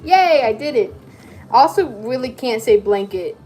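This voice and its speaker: A woman's voice: fairly high pitch, animated, moderate pace, dark tone, soft background music. A woman vlogger chatting casually while she crafts, rambling and cutting herself off. She has a speech impediment and struggles to say her R's. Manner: rambling, chatty, self-interrupting.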